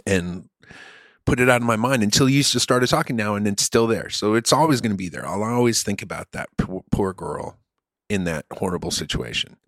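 A man's voice: on the low side, expressive, brisk, fairly bright tone, no echo, clean studio sound. Earnest man telling a story. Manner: earnest, with frequent restarts. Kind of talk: casual chat, storytelling.

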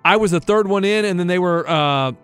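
A man's voice: a little fast, fairly bright tone, clean tone, soft background music. Laid-back man telling a story. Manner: retells overheard talk with lowered-voice impressions. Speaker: podcast co-host. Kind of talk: casual chat, storytelling.

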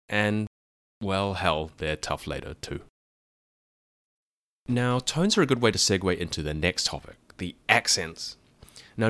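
A man hosting a podcast, explaining a language in a clear, methodical way with dry asides. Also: deep voice, a bit bright, no echo. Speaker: podcast host teaching about a language.

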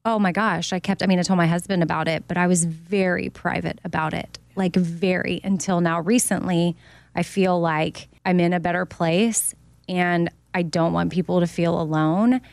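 A woman's voice: on the low side, steady tone, moderate pace, gravelly, dry recording. A woman co-hosting a talk show, sharing a personal story in an open, reflective, casual way. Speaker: co-host. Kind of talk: candid casual chat.

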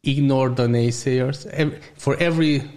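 A man whose first language is Hungarian talks as an interview guest in English with a Hungarian accent. His voice sits in an ordinary middle pitch. He stops, restarts and hunts for words as he goes. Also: fairly even intonation, darkish tone. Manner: halting, searching for words in English. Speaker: gym owner.

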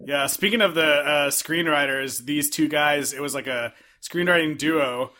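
A man co-hosting a podcast who retells movie scenes in an animated way and laughs a lot. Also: on the high side, measured pace. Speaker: podcast co-host. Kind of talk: casual chat recapping a movie.

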